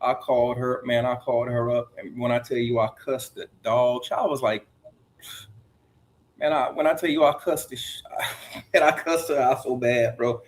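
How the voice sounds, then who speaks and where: A man's voice: medium pitch, fairly even intonation, moderate pace, poor audio. A middle-aged man, a guest on a casual livestream, telling a long story in a rambling, blunt way with many restarts.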